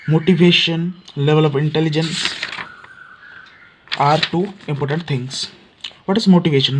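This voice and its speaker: Male teacher, Odia English accent, slightly high voice, explanatory lecture pace with hesitant fillers. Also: a little hiss or hum. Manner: frequent fillers and restarts, repeats key points. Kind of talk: explanatory lecture for exam students.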